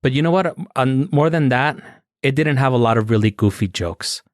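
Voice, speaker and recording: A man's voice: mid-range voice, normal speed, dry recording. A man co-hosting a podcast in casual chat, with a dry, sarcastic manner. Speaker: podcast co-host.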